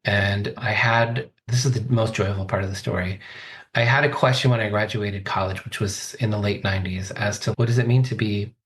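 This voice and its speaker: A man's voice: fairly low pitch, fairly even intonation, a little fast, a bit bright, slight background noise. A man in his forties, a coach, telling his life story as a podcast guest in a thoughtful, earnest way. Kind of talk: reflective interview talk.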